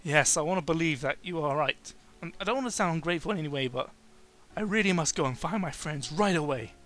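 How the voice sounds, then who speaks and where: A man's voice: fairly high pitch, fast talker, a bit bright, natural voice. A man voicing a polite young male chameleon hero who stammers and apologizes, reading game dialogue aloud. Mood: worried.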